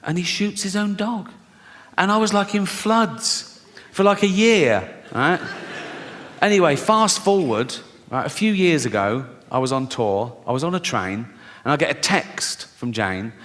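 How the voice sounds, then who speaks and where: A man's voice: on the high side, animated, measured pace, a bit bright. A man doing a live stand-up set, telling stories in a chatty way, often tagging lines with "right?" and swearing freely. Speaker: stand-up comedian. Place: large theatre stage. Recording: echoey theatre with audience in the room.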